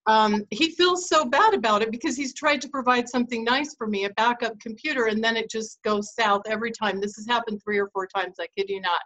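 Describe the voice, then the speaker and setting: A middle-aged woman hosts a casual advice talk, her voice sitting a little high. She tells stories from her own marriage and laughs easily between points. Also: a little fast, hardly any pauses, a bit bright, poor audio. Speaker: host.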